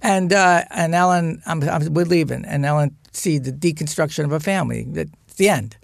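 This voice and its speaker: A man telling a family story in a loud, heated way, cursing freely. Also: a little high, moderate pace, creaky, dry recording, clean studio sound. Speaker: guest storyteller. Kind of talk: animated anecdote in a played clip.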